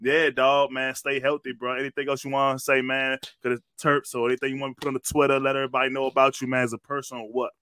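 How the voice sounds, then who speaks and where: A man's voice: medium pitch, little pitch movement, fast, few pauses, pushed and bright, clear, resonant tone. A man hosting a casual interview, laid-back and full of slang, saying "man" often. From Washington, D.C. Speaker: podcast host.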